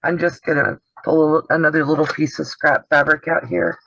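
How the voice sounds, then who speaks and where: A man's voice: fairly high pitch, little pitch movement, a little fast, gravelly, bright, forceful tone. A man hosting a casual sewing demonstration over a video call, chatty and explanatory, often trailing off mid-sentence. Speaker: host of a sewing channel. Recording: dull dry video call audio.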